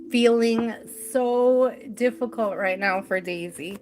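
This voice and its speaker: A woman's voice: medium pitch, a little slow, noisy background. A middle-aged woman hosting a live tarot reading, chatting in an easygoing way with mild swearing. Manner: chatty, easygoing, mildly profane.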